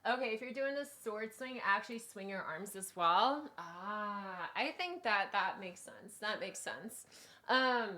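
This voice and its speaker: A woman streamer chatting casually with her viewers, bubbly, with sudden loud squeals when she greets people. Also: mid-range voice, expressive, unhurried. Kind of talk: casual live-stream chat.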